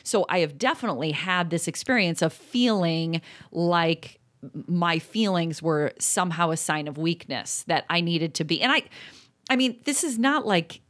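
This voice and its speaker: Brief: woman in her 40s, lowish voice, chatty and animated co-host. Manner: chatty, self-reflective, quick and animated. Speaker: podcast co-host. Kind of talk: casual chat.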